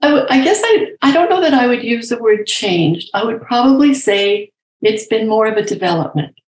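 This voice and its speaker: An older woman, a nurse and professor, talking candidly and gently as an interview guest, telling stories from her career. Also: fairly high pitch, lively intonation, normal speed, roomy sound, low-quality recording. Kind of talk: reflective storytelling in conversation.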